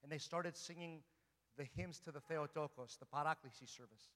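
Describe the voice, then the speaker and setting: A male priest delivers a sermon in a church, his voice bright and forceful and a little higher than most men's. He speaks earnestly and keeps turning to his listeners with rhetorical questions. A long reverb from the large hall trails behind every phrase. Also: moderate pace. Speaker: Orthodox priest.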